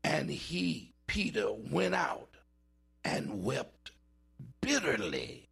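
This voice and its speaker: A man preaching a sermon in a dramatic style, with big swings in pitch and drawn-out words for emphasis. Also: sing-song, vocal fry, fairly bright tone, breathy edge.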